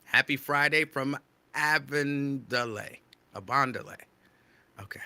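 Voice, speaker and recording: Radio host, male, excitable near-yelling delivery, very bright voice, dry close mic. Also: mid-range voice, unhurried, dry recording. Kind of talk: live show shout-outs to listeners.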